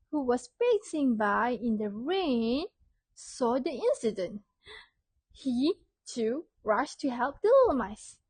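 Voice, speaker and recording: A woman teacher telling a story to young children, asking questions and praising answers clearly. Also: high voice, a little mellow, no echo.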